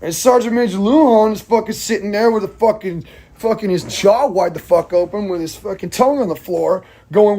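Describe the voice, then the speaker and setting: A man with a husky, breathy edge and a fairly high voice tells an army story as a rambling monologue. He swears nearly every line and talks bluntly, like a veteran venting. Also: fairly quick, warm tone.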